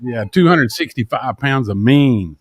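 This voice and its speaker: Folksy man with a lively voice. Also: medium pitch, unhurried. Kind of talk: casual chat on a live stream call.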